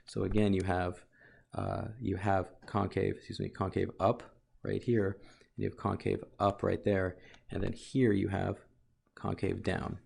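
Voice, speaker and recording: A male math teacher walks through a graph in a recorded lesson. His voice sits low and gravelly with a husky edge. He thinks aloud and keeps stopping to correct himself. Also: a little mellow. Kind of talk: recorded calculus lesson with board work.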